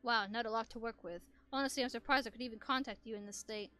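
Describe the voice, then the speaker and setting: Calm kind robot father, slow soothing delivery, high bright voice, as a woman reads him. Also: no room sound, soft background music.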